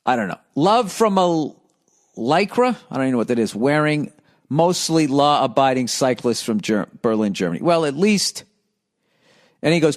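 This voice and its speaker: This middle-aged podcast host rants about cyclists with sarcasm and profanity as he works through listener letters. His medium-pitched voice swings widely in pitch and moves at normal speed.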